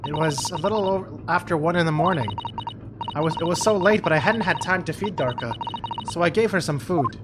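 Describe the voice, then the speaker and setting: A man reading the lines of a nervous young woman suspect in a halting, hesitant way, close to his own voice. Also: fairly high pitch, background noise, lightly acted. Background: loud game music.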